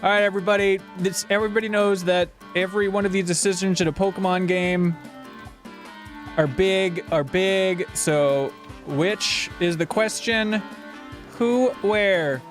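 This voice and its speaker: A man streaming a video game live, joking excitably and talking straight to his chat viewers. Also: high voice. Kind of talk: casual live-stream commentary.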